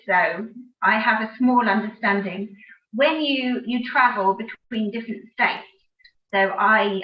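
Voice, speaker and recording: Distant echoey British woman on a call. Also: mid-range voice. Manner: explanatory and descriptive, with frequent ums. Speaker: guest. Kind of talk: casual interview answer. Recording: distant, echoey, dull audio.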